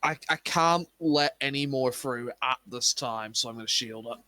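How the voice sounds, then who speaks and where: A man's voice: mid-range voice, moderate pace, pushed and bright, no echo. Dry, matter-of-fact male gamer. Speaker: player. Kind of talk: casual tabletop gaming chat.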